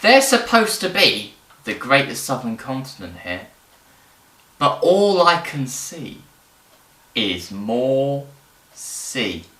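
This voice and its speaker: A man's voice: medium pitch, very animated, slow pace, long pauses, pushed and bright, heavily acted. A man voicing an English sea captain who speaks in a plain, deflated storytelling tone. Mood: disappointed. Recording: roomy, distant mic.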